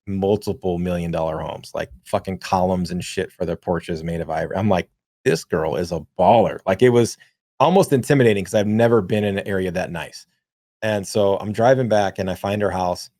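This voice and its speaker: A man's voice: low-pitched, a little fast, dark tone, dry recording, studio quality. A man in his thirties co-hosting a podcast, telling a long story casually with lots of swearing and filler words. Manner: rambling, profane, many fillers. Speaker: podcast co-host.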